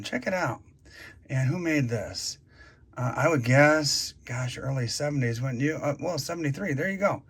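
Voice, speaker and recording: Chatty man host, slightly high voice. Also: vocal fry, fairly bright tone, a little hiss or hum. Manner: chatty, easygoing, exclaiming over finds. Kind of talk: casual chat and show-and-tell.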